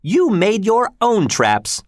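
A man voicing a bitter, imperious old woman recluse in a storybook reading, raising his pitch and speaking in a cold, accusing manner. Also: huge pitch swings, slow, no room sound, studio quality, full character voice. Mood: scornful. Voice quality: raised, sharp.

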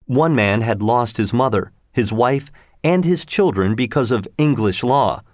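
A man reads a children's story aloud, unhurried and carefully paced. His pitch rises and falls expressively through each sentence. The sound is dry and close with no room around it. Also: no echo. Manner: slow, measured, expressive. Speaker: narrator. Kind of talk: storybook narration read aloud.

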